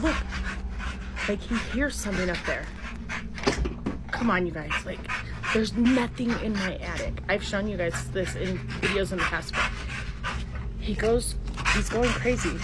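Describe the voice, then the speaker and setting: Frightened middle-aged woman filming at home. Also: medium pitch. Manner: frightened, whispering and exclaiming. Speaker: homeowner filming her house. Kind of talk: handheld phone video. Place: indoors at home. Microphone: phone camera. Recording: noisy home phone recording.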